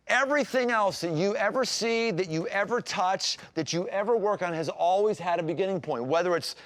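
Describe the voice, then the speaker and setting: A male pastor delivering a sermon in an animated, conversational way. He is emphatic, and his voice sits a little high. He slips into short acted scenes as he tells his stories.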